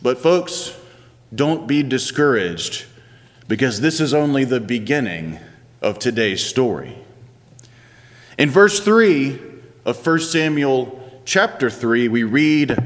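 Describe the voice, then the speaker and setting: A man's voice: mid-range voice, lively intonation, slow, in a large hall. A man in his thirties, a pastor giving a sermon in a conversational, playful storytelling manner.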